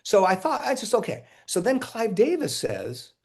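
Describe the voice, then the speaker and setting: A man being interviewed, telling casual stories in an animated way, acting out quotes and often laughing. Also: sits high, moderate pace. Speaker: interview guest, musician.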